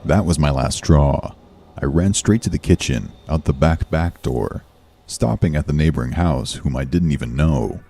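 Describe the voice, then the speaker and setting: A man giving a slow, measured scripted horror narration. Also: very deep voice, creaky, dark tone, slightly rough. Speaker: story narrator.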